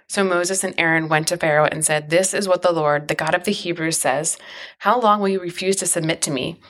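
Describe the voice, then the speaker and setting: A woman who co-hosts a talk show, reading a long scripture passage aloud in a steady, even way. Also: on the low side. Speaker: podcast co-host and scripture reader. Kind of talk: casual chat, then plain scripture reading.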